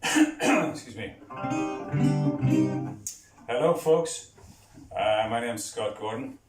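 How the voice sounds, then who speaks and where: Sex: man. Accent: Northern Irish. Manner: dry, wry, unhurried. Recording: echoey bathroom, mic at a distance, loud guitar behind. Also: animated. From Belfast, Northern Ireland. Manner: dry, wry, low-key humour. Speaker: musician. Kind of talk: casual spoken intro to a home video. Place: his bathroom at home.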